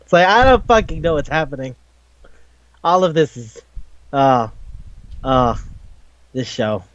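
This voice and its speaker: A young man co-hosting a casual anime review chat, animated and profane, often acting out characters' lines. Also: on the high side, measured pace, no room sound. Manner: animated, swears a lot, acts out quoted lines. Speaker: podcast co-host. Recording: dull lo-fi, dry close mic.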